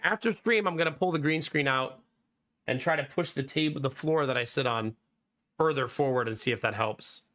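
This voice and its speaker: A man in his thirties, slightly hoarse, chatting casually on a live stream and answering viewers by name. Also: mid-range voice, moderate pace, a bit bright. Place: home streaming room.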